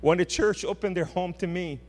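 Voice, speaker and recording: A man's voice: sits high, moderate pace, soft background music. Man preaching in a reverberant hall. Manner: impassioned, swings between loud and hushed. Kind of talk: sermon. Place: church.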